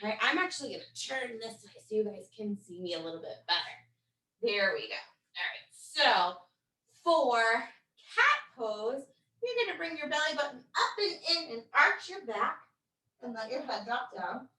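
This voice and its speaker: A woman with a higher voice and wide pitch swings guides young children through animal stretches in a kids' yoga and storytime class. She talks at a normal speed in a bright, forceful, sing-song way, upbeat and encouraging. The echoey room leaves her voice a bit distant from the mic.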